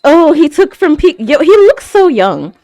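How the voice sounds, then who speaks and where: Reaction host, woman: high voice that swings wildly, gasping and stammering exclamations, dry close sound. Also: sing-song, measured pace, warm tone, no echo. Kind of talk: live anime reaction commentary.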